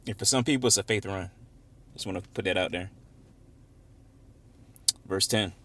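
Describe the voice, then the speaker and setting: A man leading an informal Bible study, reading verses slowly and with emphasis, then explaining them in casual, conversational talk. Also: low voice, fairly bright tone. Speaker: Bible teacher.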